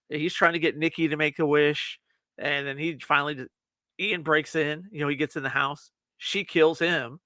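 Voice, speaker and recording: Here a man speaks in a slightly high voice at a moderate pace, no echo present. Co-hosting a movie review podcast, he tells a film's plot with animation, performs the characters' lines, and often breaks into laughter during the casual conversation.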